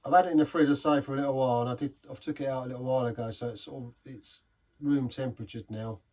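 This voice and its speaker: A man's voice: medium pitch, steady tone, fast, a little mellow. A man giving a casual, rambling beer review in a pub, chatty and self-deprecating.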